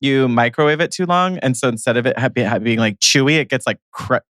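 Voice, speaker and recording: A man's voice: medium pitch, lively intonation, quick pace, a bit bright, dry recording, studio quality. Playful man cohosting a podcast. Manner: playful, joking, laughs easily. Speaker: podcast co-host. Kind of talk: casual chat.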